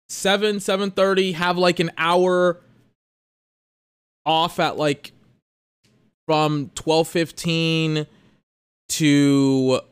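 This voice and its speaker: A man's voice: fairly high pitch, clear, resonant tone, no room sound. A young man hosting a solo podcast, ranting in exasperation about his schedule and swearing freely. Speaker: podcast host.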